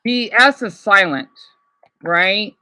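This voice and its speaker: A man's voice: high voice, animated, slow, sharp tone. A man chatting casually with his live chat, rambling and hesitant with many restarts. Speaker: livestreamer answering chat.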